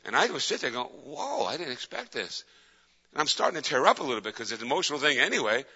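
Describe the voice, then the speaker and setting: Bright-voiced man preaching in an echoey hall. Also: mid-range voice, big pitch swings, very fast, slightly rough. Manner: emphatic, repetitive preaching. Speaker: pastor. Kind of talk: sermon. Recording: echoey hall, dull lo-fi sound.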